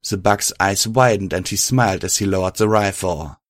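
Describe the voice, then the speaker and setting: A man reading a first-person fan fiction story aloud, steady and even. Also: sits low, normal speed, no echo, clean studio sound. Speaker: narrator.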